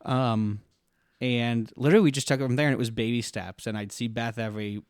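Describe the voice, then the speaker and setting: A man's voice: mid-range voice, fairly even intonation, fairly quick, clean tone, dry recording, studio quality. A man, a podcast guest, chatting casually and telling a rambling story with self-deprecating jokes. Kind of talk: casual conversation.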